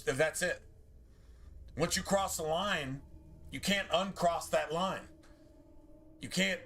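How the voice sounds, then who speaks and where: On his game stream, a man vents to chat in a casual, swear-filled ramble; his voice runs on the high side and sounds pushed and bright.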